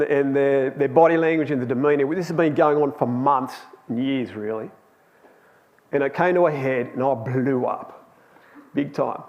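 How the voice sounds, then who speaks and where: A man's voice: fairly high pitch, highs cut off. A man telling a personal story in a chatty, anecdotal sermon to a youth Bible class in a church hall. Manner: chatty and anecdotal, with laughs and restarts.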